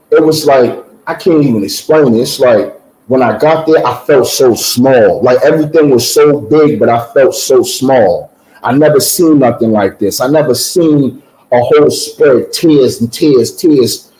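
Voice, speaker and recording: A man's voice: mid-range voice, dark tone, rough recording. A man giving a personal testimony in casual conversation, telling his story with repeated words and acted-out voices.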